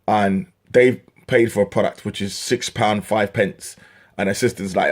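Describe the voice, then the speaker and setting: A man's voice: on the low side, fairly even intonation, measured pace. A young man from England ranting to camera in an exasperated, swearing comic style, his voice jumping up when worked up. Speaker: vlogger.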